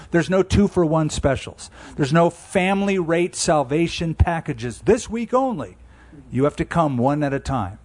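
A man in his sixties preaching with a somewhat high voice. He talks to the congregation in an easy, conversational way, then leans hard into the words that matter and slows right down on them. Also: darkish tone. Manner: emphatic, conversational preaching with slowed key phrases. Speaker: pastor. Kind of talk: sermon.

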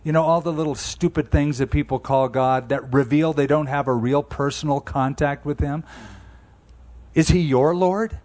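A man in his sixties preaching a sermon in a conversational, emphatic way, slowing down on key phrases. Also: on the high side, darkish tone. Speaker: pastor.

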